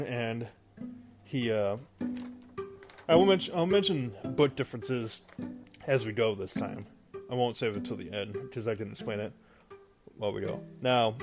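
A man hosting a podcast, casually recapping a movie into his phone, rambling and often correcting himself mid-sentence. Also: medium pitch. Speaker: podcast host. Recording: music playing underneath.

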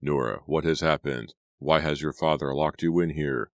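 A man's voice: very deep voice, normal speed, no room sound. A man voicing an earnest young man who speaks urgently and demandingly.

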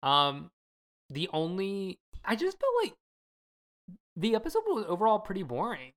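A woman's voice: mid-range voice, wildly swooping pitch, moderate pace. A woman co-hosting a podcast in casual chat, chatty and sarcastic with lots of fillers. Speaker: podcast co-host.

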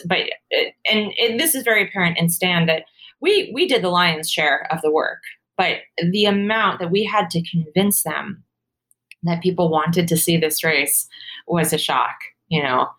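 A woman guest in a casual interview, telling her story in a lively, animated way with many fillers and laughs. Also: fairly low pitch, normal speed. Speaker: guest, former pro cyclist and author.

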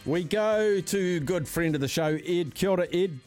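A man's voice: high voice, normal speed, a little mellow, soft background music. A man with a New Zealand accent hosting a talkback radio show, chatting in a friendly way with callers and laughing easily. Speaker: radio host.

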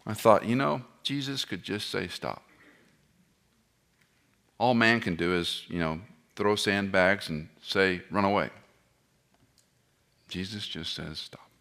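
This male preacher's voice sits on the low side as he works through an expository sermon. His delivery is animated, peppered with rhetorical questions aimed at listeners and the occasional joke on the side.

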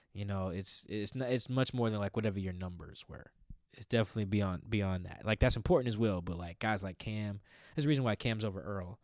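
A man's voice: lowish voice, dry recording, clean studio sound. A man hosting a podcast, talking sports in a loose, rambling, slangy way. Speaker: podcast host. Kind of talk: casual sports chat.

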